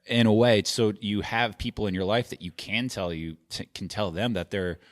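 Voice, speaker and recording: A man's voice: fairly low pitch, moderate pace. A man in casual podcast chat as a guest, rambling with restarts and swearing freely. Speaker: podcast guest and video editor.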